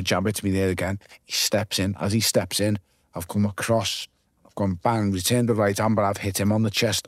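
Liverpool man, low voice, blow-by-blow storyteller. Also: no room sound, studio quality. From Liverpool, England. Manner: vivid blow-by-blow storytelling, swears freely. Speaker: guest, former boxer. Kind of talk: casual podcast interview.

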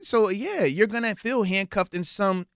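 Man, sports talk co-host, argumentative, slightly higher voice, dry close sound. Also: normal speed, fairly bright tone, clear, resonant tone, dry recording. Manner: argumentative, builds points with questions. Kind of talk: casual sports debate.

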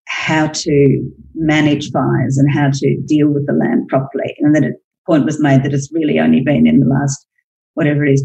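A woman hosting a book podcast, putting long, articulate questions to her guests in a measured way. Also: sits low, dark tone, breathy edge, low-quality recording. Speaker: podcast host. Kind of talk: interview questions.

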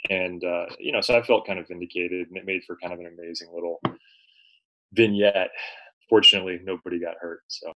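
A man, a journalist guest, recounting an experience in relaxed conversation with frequent fillers and restarts. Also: deep voice, fairly quick, rough recording. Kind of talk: conversational storytelling.

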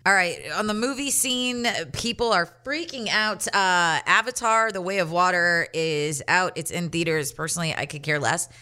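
A woman's voice: on the low side, normal speed, hardly any pauses, pushed and bright, smooth. A woman hosting a solo podcast, nasal and stuffy from allergies, ranting in a profane, sarcastic, rambling way. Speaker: podcast host.

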